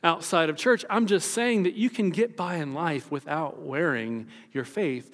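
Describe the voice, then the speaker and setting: A man's voice: fairly high pitch, a little slow, long reverb tail. A man preaching a sermon as pastor, retelling the story and acting out the quoted voices.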